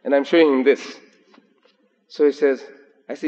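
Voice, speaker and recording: An older man giving a public lecture as an animated storyteller, slowing down for emphasis and reciting Arabic phrases. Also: mid-range voice. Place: large hotel lecture hall. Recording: dull, echoey 1980s lecture hall recording.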